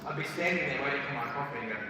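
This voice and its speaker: Very fast and fairly high-pitched, a motivational speaker in his thirties performs comic stories for students in a school hall, acting out characters and shouting. The far-off recording is echoey and very noisy with hall ambience.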